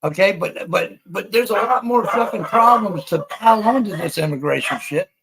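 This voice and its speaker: A man's voice: sits high, lively intonation, normal speed, vocal fry, fairly bright tone, slightly rough, low-quality recording. A middle-aged man hosting a livestream, ranting bluntly and profanely with many restarts. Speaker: livestream host. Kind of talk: ranting live commentary.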